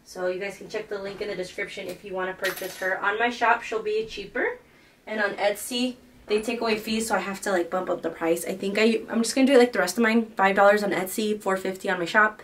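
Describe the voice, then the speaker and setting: A woman in her twenties chatting casually in a crochet vlog from her home office, gushing and excitable. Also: medium pitch, fast, far from the mic, a little hiss or hum. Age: 20s. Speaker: crochet vlogger.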